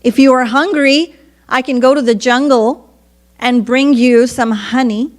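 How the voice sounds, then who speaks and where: A woman's voice: high voice, steady tone, measured pace. A woman voicing a simple shepherd man as he prays tenderly and pleads. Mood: tender pleading. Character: humble simple old shepherd man praying.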